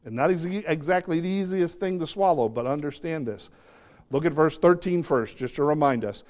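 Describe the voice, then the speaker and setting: A man's voice: on the high side, animated, brisk, darkish tone. Middle-aged male preacher, earnest, emphatic sermon delivery with direct questions to listeners. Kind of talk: sermon with scripture reading.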